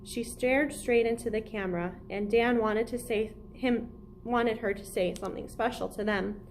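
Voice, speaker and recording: A woman with a fairly high voice reads a middle-grade adventure novel aloud, as a children's librarian would. Her delivery is clear and steady, and a faint hiss sits under the recording. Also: normal speed.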